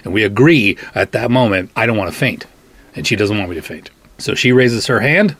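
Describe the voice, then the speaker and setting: A middle-aged man hosting a podcast, telling a funny personal story and acting out the other people's lines in a husky voice. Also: on the low side, brisk. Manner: animated, acts out quoted voices. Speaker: podcast host. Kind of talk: comic anecdote, casual storytelling.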